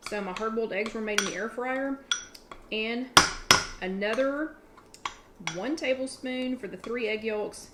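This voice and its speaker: A woman's voice: fairly high pitch, a little slow, noisy background. A woman hosting a casual live cooking chat from her home kitchen, talking in a chatty, rambling way and restarting her sentences. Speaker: online workshop host.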